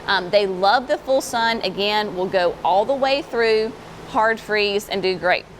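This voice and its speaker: A woman's voice: mid-range voice, measured pace, a little hiss or hum. A woman hosting a casual walkthrough of a plant nursery, chatty and enthusiastic, saying "y'all". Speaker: garden center host.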